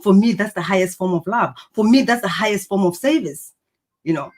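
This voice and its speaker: A woman's voice: medium pitch, brisk. A woman giving an earnest, encouraging motivational talk to camera, reflecting on personality and purpose. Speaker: personal growth speaker.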